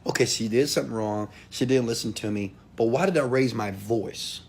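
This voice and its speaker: A man giving a motivational talk straight to his viewers, emphatic, swinging from quiet asides to loud outbursts. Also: medium pitch, normal speed, a little hiss or hum. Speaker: motivational speaker.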